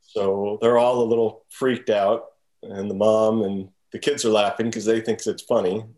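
A man's voice: fairly low pitch, moderate pace. A man in casual chat, animatedly retelling film scenes as a podcast co-host. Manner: animated storyteller who acts out scenes.

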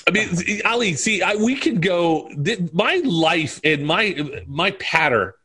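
A man's voice: sits high, expressive, a little slow, bright, forceful tone, breathy edge. A man in his forties chatting casually as a podcast guest, rambling through stories and tossing out movie quotes between laughs. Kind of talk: casual chat.

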